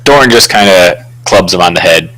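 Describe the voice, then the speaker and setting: A man playing a tabletop game, speaking loudly and bluntly. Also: low voice, expressive, moderate pace, rough recording. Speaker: player.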